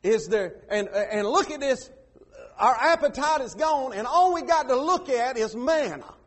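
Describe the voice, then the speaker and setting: A man, a pastor preaching a sermon in a folksy way, acting out quotes loudly. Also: very high-pitched, lively intonation, a little slow. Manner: folksy preaching with sudden loud acted quotes.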